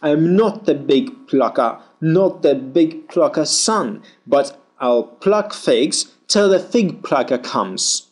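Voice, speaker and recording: A man reads pronunciation drills slowly and carefully, giving every sound its full shape. His fairly high voice rises and falls a great deal as he works through each line. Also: lively intonation. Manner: slow, deliberate, over-articulated reading. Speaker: pronunciation teacher. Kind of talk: reading pronunciation drills aloud.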